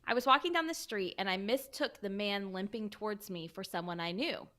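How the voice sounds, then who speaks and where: A woman's voice: mid-range voice, brisk, crowd noise. A woman co-hosting a casual podcast chat, playful and laughing often. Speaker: co-host.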